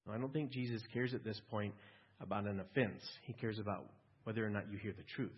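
Husky-voiced male pastor preaching. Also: on the low side, steady tone, fast. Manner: conversational, asks listeners questions, small restarts. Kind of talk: sermon. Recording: dull lo-fi recording.

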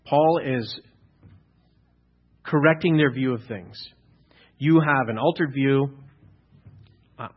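A pastor preaching a sermon, building to loud, emphatic exhortation at times. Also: male voice, medium pitch, moderate pace, long pauses, breathy edge, muffled recording.

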